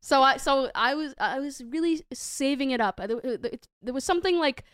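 A woman co-hosting a podcast, telling a comic story in casual chat, animated, swearing freely and laughing often. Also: high voice, a little fast, dry recording, clean studio sound. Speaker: podcast co-host.

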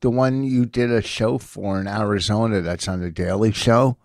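A middle-aged man comedian in casual banter, excitable and swearing freely, jumping from topic to topic. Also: lowish voice, moderate pace, no room sound. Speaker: comedian and podcast co-host.

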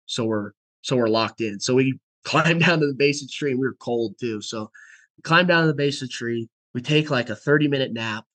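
A man's voice: medium pitch, a little fast, a bit bright. A young man, a podcast guest, telling a story in casual talk and acting out the quoted dialogue, at times in a whisper.

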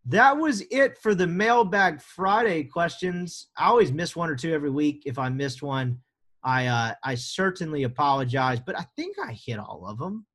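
Joking American podcast host, fairly high voice. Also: male voice, expressive, moderate pace, fairly bright tone. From United States. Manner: joking, rambling, sarcastic asides. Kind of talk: casual podcast chat.

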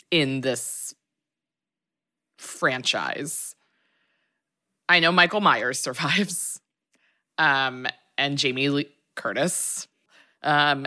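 A woman with a low but bright voice co-hosting a podcast. Her pitch swings widely as she chats casually, laughing as she guesses. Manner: short reactions, laughs while guessing. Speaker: podcast co-host. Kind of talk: casual chat.

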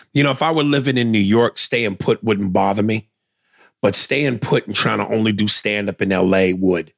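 A man's voice: lowish voice, normal speed, creaky, no echo, clean studio sound. A man co-hosting a casual comedy podcast, reading listener letters aloud in a loose, profane way.

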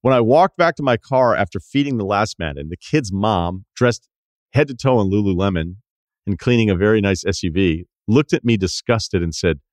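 A man with a low voice hosts a podcast, reading a listener's email out loud and breaking in with wry asides. He talks in a loose, conversational way. The room is dry and close, with no echo at all. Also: animated, moderate pace. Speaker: podcast host.

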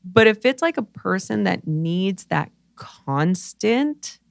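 A woman's voice: mid-range voice, sing-song, takes it slowly, creaky, dry recording. A woman hosting a podcast, talking candidly and swearing freely as she acts out her own reactions. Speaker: podcast host. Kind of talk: casual chat.

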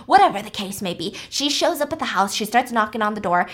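A woman host recapping a story in a chatty, animated way with many fillers. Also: on the high side, fast talker.

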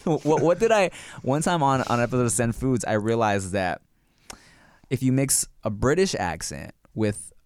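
A man hosting a podcast in casual, animated chat, swearing freely, laughing often and slipping into voices. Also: medium pitch, moderate pace, smooth, dry recording. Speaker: podcast host.

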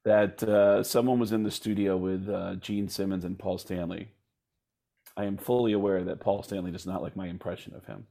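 Brief: male host, gravelly voice, loose rambling chat. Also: deep voice, level tone, normal speed, warm tone. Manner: rambling, laughing, many fillers. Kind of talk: casual chat.

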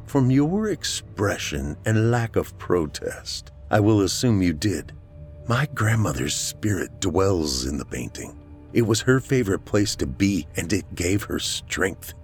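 A man voicing a determined woman who talks in a low, grave and accusing way.

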